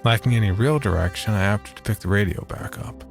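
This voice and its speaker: A man narrating a first-person horror story in a measured, steady voice. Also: fairly low pitch, vocal fry, music in the background.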